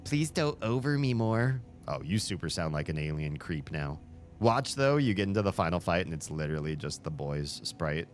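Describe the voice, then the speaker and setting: A man hosting a video game playthrough, chatting along in an animated way and laughing often. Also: a bass voice, a little fast. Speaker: let's play host. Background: faint game music.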